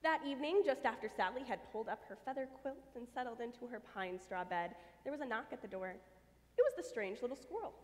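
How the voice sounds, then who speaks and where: Woman, expressive children's story reader, fairly high voice, long church reverb. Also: fast. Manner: expressive, lively read-aloud. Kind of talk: reading a children's story aloud. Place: church sanctuary.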